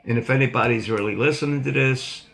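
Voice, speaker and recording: Old guy with a gravelly voice rambling thru a story for his viewers, laughs at himself a lot. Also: mid-range voice, fast, a bit bright. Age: older. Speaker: vlog host.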